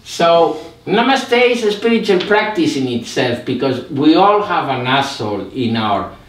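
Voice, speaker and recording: Older male meditation teacher, Spanish native, slow and reflective, recorded off-mic in a roomy space. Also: on the high side, very animated. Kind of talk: live meditation talk. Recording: echoey room, mic at a distance.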